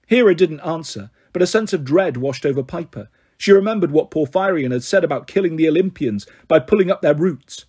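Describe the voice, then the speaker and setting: A male reader narrating a fantasy novel aloud. His voice is husky and sits high for a man, with a steady, expressive delivery. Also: a little fast, hardly any pauses. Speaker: audiobook reader. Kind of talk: storybook narration.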